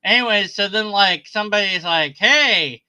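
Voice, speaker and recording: A man's voice: sits high, expressive, measured pace, sharp tone, low-quality recording. A man sarcastically retelling a story in casual commentary, mocking the people in it.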